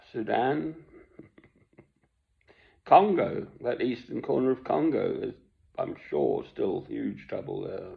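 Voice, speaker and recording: A man's voice: lowish voice, very animated, takes it slowly, creaky. An older man giving a rambling, chuckling monologue from home, self-deprecating and meandering. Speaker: online commentator. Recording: dull lo-fi recording.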